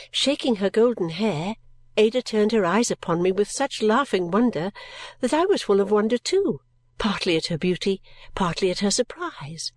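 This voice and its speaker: A woman reads a classic novel aloud in a gentle, measured way, her voice sitting at an ordinary pitch. The recording is dry and close, with no room echo. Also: animated. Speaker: audiobook narrator.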